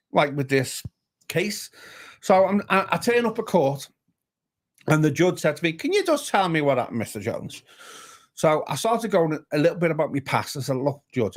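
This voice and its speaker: Scouse guy spinning a yarn, slightly high voice, does all the voices himself. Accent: Liverpool. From Liverpool area, England. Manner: animated, acts out each voice in his stories. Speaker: guest, pastor. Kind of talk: casual storytelling. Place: pub bar.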